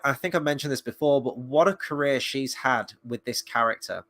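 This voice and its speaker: A man's voice: medium pitch, sharp tone. A man reviewing a TV episode in casual live-stream chat, enthusiastic and opinionated as he thinks aloud. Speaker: film and TV reviewer.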